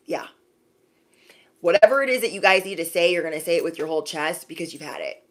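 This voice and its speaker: A young adult woman giving a sassy, animated spiritual pep talk to her viewers, acting out little scenes as she goes. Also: on the low side, moderate pace, pauses often. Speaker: intuitive reader.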